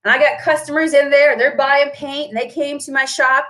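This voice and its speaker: A woman's voice: high-pitched, fairly even intonation, a little fast, a bit bright. A woman who runs a paint shop, chatting on a live stream, answering viewer comments and tagging her points with "right?".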